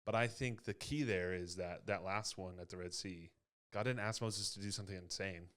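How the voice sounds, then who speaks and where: A man with a fairly low voice leads a casual youth ministry chat. He retells a Bible story with lively acted-out quotes and an easy, conversational delivery. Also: normal speed, clean tone. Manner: animated storyteller, acts out quotes.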